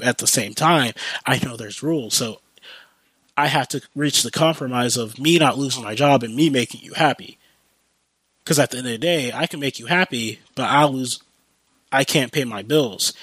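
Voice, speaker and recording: A man's voice: fairly high pitch, fairly bright tone, dry recording, low-quality recording. A man hosting a podcast, ranting casually with lots of fillers, restarts and swearing, while getting over a cold. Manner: rambling, profane, many fillers and restarts. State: recovering from a cold. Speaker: podcast host. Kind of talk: casual rant. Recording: dry close sound, new home mic.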